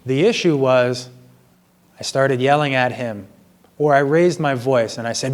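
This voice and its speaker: A man speaks in an earnest, apologetic way, slow and measured, as he reflects on his own mistakes. His voice sits in a middle pitch. He is recording in a gym. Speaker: vlogger sharing personal confessions. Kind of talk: reflective personal monologue.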